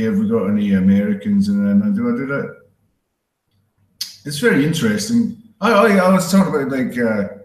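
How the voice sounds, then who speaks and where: A man with a Glaswegian Scottish accent tinged with Canadian, doing a stand-up comedy set in a dry, deadpan, self-deprecating way. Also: lowish voice. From Scotland. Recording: roomy echo.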